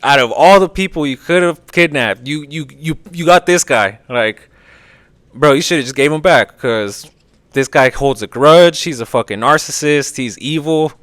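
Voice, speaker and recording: A man's voice: on the high side, moderate pace, a bit bright, no echo. A man hosting a podcast, casually retelling a story in a rambling, profane way. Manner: profane, rambling, lots of filler. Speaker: podcast host.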